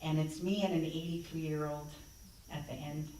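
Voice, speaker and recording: Woman guest speaker, lower voice, conversational storyteller, heard from a distance in a very echoey sanctuary. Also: fairly even intonation, normal speed, warm tone, slight background noise. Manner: conversational, reenacts dialogue. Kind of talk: personal storytelling talk. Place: church sanctuary. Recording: echoey hall, distant mic.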